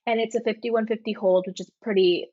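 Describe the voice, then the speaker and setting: A woman's voice: medium pitch, a little fast, no room sound, highs cut off. A young woman co-hosting a casual podcast chat, retelling a story with lots of "like" fillers. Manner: animated storytelling with many "like" fillers. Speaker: podcast co-host.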